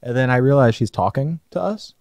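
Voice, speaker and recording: Young male podcast co-host, mid-pitched, casual and profane, recorded dry and close. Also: fairly quick, no room sound. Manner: animated storytelling with swearing. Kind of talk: casual chat.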